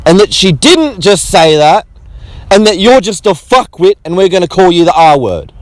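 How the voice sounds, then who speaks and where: A man's voice: high voice, no room sound, rough recording. A man delivering an angry, profane monologue to his audience. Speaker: vlogger. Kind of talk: monologue to camera.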